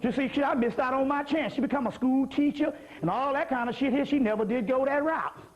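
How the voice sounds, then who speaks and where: A man lectures in a profane, joking, streetwise preaching style. His voice sits very high. The recording is dull and lo-fi. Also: a little fast. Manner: profane, streetwise, comic preaching with repeated asides. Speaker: lecturer on spirituality. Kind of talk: lecture to a live audience.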